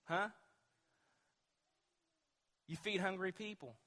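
A pastor preaches a sermon in a high, bright, forceful voice, taking his time. He's emphatic and throws rhetorical questions at the congregation. The recording is from a reverberant church hall, a sanctuary with long reverb.

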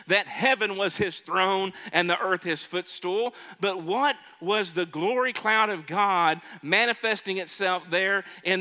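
A male pastor preaching a sermon, often asking the congregation questions and shifting his loudness. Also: sits high. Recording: long reverb of a large hall.

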